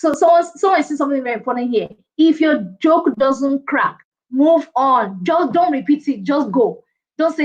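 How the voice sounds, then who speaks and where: Lively woman coaching on a stream. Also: high voice, moderate pace. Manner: lively, reads and thanks viewer comments, laughs often. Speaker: presentation skills coach. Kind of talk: live online training session. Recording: dull lo-fi stream audio.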